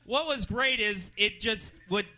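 A man doing a rambling stand-up set at an open mic in a comedy club, jumping up in pitch for his punchlines. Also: unhurried, sharp tone. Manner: rambling, jumps in pitch for punchlines and put-on voices.

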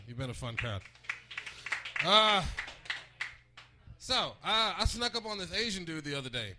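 A man doing a laid-back stand-up set in a comedy club, telling his bits in a deadpan way. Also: on the high side.

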